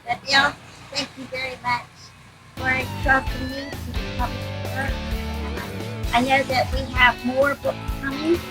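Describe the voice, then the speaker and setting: A woman's voice: high-pitched, little pitch movement, unhurried, over music, poor audio. A woman, a book publisher, earnestly urging her audience to read the books. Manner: earnest, pleading appeals. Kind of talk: promotional talk addressed to an audience.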